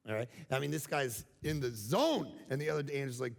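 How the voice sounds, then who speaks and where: A man preaching a sermon as pastor, animated, swinging from loud emphasis down to near-whispers. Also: medium pitch, brisk, gravelly, hardly any pauses, in a large hall.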